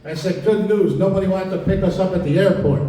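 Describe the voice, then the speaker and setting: A man doing a stand-up comedy routine, telling stories in a deadpan way and acting out the dialogue. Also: high-pitched, quick pace, slight background noise. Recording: echoey room, mic at a distance. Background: audience laughter.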